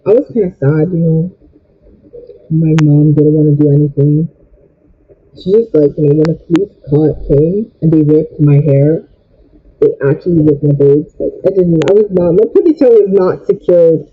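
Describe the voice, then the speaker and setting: A man's voice: fairly high pitch, normal speed, narrow, tinny audio, a little hiss or hum. A young man telling a storytime rant in an agitated way, repeating and stumbling over his words. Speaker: vlogger.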